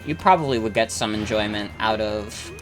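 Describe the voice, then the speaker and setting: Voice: mid-range voice, lively intonation, moderate pace, music in the background. A young adult game streamer chatting casually while playing, rambling with lots of fillers and swearing freely. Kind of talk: casual chat while gaming, reading chat.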